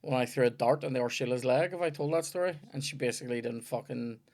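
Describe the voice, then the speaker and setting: A man's voice: medium pitch, fast talker, a little mellow. Northern Irish man telling rambling stories. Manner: rambling anecdotal storyteller, sweary. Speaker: podcast host. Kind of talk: casual comedy podcast chat.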